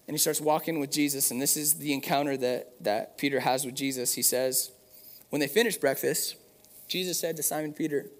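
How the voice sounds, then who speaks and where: A man's voice: on the high side, steady tone, fairly quick. A man preaching a sermon in an earnest, conversational way, with fillers and restarts. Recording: long hall reverb.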